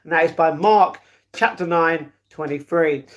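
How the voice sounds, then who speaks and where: At a measured pace, a young man with a fairly high voice goes through his live-stream comments and responds. His chatter is loose and fond, wandering as he goes, with "darling" and "mate" dropped throughout.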